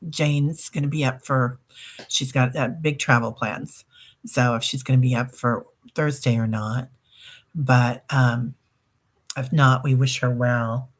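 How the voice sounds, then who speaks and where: A woman's voice: rumbling low, fairly even intonation, slow pace. A woman hosting a group meditation stream, chatting casually and reading out viewer comments, with many fillers and restarts. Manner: chatty, warm-hearted, reads viewer comments aloud; rambling with many fillers and self-corrections. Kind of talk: casual livestream sign-off chat.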